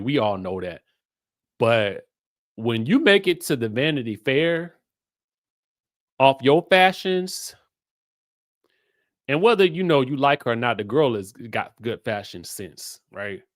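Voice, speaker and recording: Animated, sassy male pop culture host. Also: medium pitch, no room sound, studio quality. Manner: animated, playful, sassy asides to viewers. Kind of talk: casual pop culture commentary.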